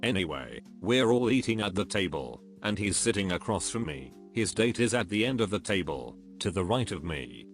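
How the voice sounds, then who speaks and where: A man reads stories aloud in a steady, flat narration. His voice sits on the low side. Soft music plays faintly beneath him. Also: moderate pace, hardly any pauses. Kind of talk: scripted narration. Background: faint background music.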